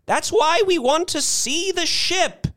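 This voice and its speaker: Casting: man voicing a tiny fierce old lady, shrill and pushy, storybook reading. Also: slow, a bit bright, full character voice. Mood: shrill demanding. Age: older. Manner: shrill urgent cries. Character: small fierce desperate old woman.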